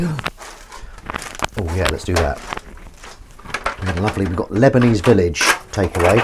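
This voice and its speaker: A low-voiced Englishman chats to his live viewers from a home kitchen, his pitch leaping up and down as he rambles. He reads comments aloud and swears casually. Faint water and clinking dishes sit behind him. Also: slight background noise. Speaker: live streamer. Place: home kitchen, washing up at the sink.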